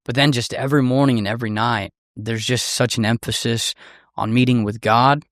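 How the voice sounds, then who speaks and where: A man co-hosting a casual podcast, relaxed and agreeable, often chiming in with short replies. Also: mid-range voice, fairly quick, no echo, studio quality. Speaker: podcast co-host. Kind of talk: casual chat.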